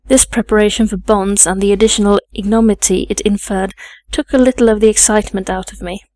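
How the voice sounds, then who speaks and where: Woman, audiobook narration, measured reading, mid pitch, dry. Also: steady tone, a little mellow, dry recording. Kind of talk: scripted narration.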